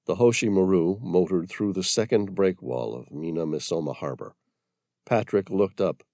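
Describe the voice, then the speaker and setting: A man narrating a thriller audiobook in a measured, dramatic way. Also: low voice, vocal fry, mellow, no room sound, studio quality.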